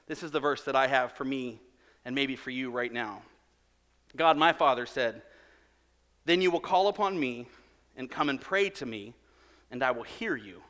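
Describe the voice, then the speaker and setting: A man's voice: medium pitch, fairly bright tone, long reverb tail. A man in his thirties, a pastor preaching a sermon and telling a self-mocking story with acted-out quotes. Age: 30s.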